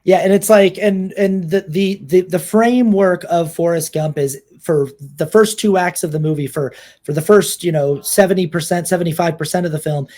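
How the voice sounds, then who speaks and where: A man's voice: high voice, normal speed, a little mellow. A young man co-hosting a podcast, talking casually about a film with many restarts. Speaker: podcast co-host.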